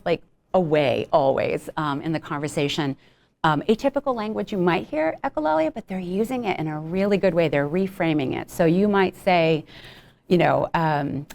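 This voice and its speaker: A woman giving a clinical lecture on child behavioral health in a relaxed, conversational way, with frequent ums and brief acted-out examples. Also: fairly low pitch, creaky.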